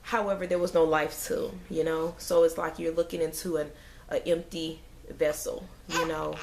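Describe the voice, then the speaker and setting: A woman's voice: sits low, little pitch movement, normal speed, creaky, noisy background. A woman, a mother, chatting to camera in a rambling, emotional way with sighs and fillers. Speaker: mother vlogger. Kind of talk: casual chat to camera.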